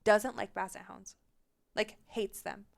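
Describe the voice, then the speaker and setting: A young adult woman co-hosting a podcast in casual chat, telling stories with lively quoted dialogue and frequent laughs. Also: medium pitch, a little slow, creaky. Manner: animated storyteller, acts out quoted lines, laughs often. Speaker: podcast co-host.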